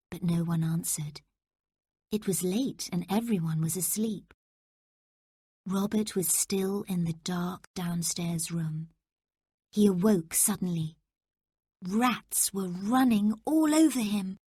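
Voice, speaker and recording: Slow, breathy woman reading a story. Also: medium pitch, mellow, dry recording, studio quality. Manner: slow, careful, clear reading. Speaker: story narrator. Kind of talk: scripted storybook narration for English learners.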